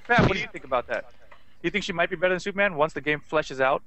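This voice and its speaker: A man who is a panelist in a casual gaming chat, teasing and quick to argue. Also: a little high, crowd noise.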